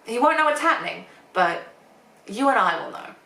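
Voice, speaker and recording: A woman YouTuber delivering a sarcastic opinion monologue, sardonic and swearing, with deadpan asides. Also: fairly high pitch, normal speed, creaky. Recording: echoey room, distant mic.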